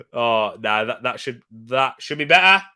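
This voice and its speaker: A young man hosting a casual live football watch-along, chatting and rambling between quick bursts of excitement over the match. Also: on the high side. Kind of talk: casual live-stream chat and match commentary.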